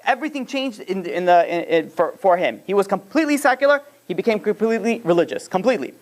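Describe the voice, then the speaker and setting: A fast-talking man teaches an informal religious lesson. He often restarts his phrases and rambles along. He mixes in stories as he goes. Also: high-pitched, expressive.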